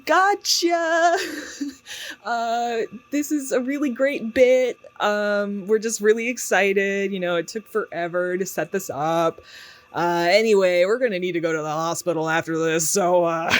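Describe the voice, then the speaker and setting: A man's voice: sits high, fairly even intonation, slow, voice pushed up. A man voicing a giddy young prankster coworker on a tape, in a raised, overexcited voice.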